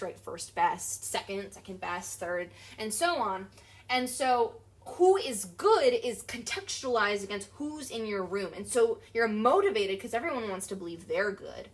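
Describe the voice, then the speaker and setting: A young adult woman talking animatedly as an interview guest, emphatic and full of fillers. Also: medium pitch. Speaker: guest, accessibility advocate. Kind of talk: casual interview talk.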